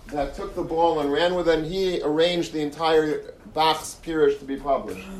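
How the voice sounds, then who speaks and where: A man delivers an earnest Torah talk, circling back over his phrases as he tells a story. He sounds set back from the microphone in a roomy, echoing space. Faint background noise sits under his voice. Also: fairly high pitch. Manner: earnest, repeats and restarts phrases. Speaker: Torah lecturer. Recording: echoey room, mic far off, faint noise.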